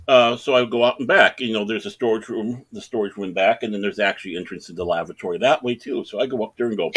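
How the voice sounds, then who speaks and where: A man's voice: mid-range voice, lively intonation, fast. A middle-aged man telling a long anecdote in casual chat, acting out the other people in the story in raised voices. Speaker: podcast co-host.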